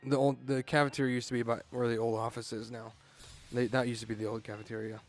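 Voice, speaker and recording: A man's voice: mid-range voice, little pitch movement, quick pace, soft background music. Male co-host, laconic, casual listener. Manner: short laconic reactions. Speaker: let's play co-host. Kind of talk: casual chat.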